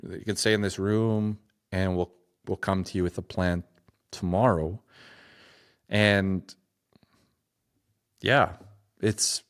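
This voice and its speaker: A man with a notably deep, low voice, speaking as a podcast guest. He tells a personal story in a halting, reflective way, restarting phrases and leaning on "like" as he goes. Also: smooth. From Saskatchewan, Canada.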